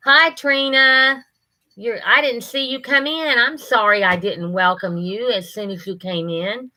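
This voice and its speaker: A woman's voice: on the high side, fairly even intonation, a little slow, pushed and bright, rough recording. A woman, hosting a livestream and chatting folksily with viewers by name. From Ohio, USA. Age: 60s. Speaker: livestream host. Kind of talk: casual chat reading viewer comments.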